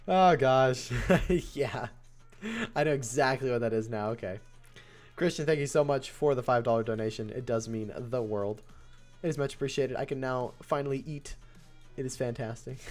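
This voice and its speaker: A man's voice: mid-range voice, a little mellow. A man hosting a casual live stream, chatting, laughing often and thanking donors as he comments on matches. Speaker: streamer and host.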